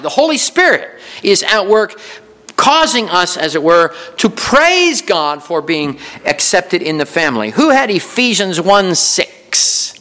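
A man preaching a sermon in a church, lively and conversational, laughing now and then and repeating himself as he builds a point. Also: high-pitched. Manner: lively preaching with chuckles and repetitions. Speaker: pastor. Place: church sanctuary.

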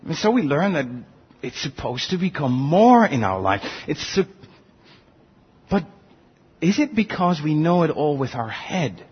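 Man, pastor, preaching, earnest rhetorical questions, husky, lively pitch. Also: unhurried, pauses often, muffled recording. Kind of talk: sermon.

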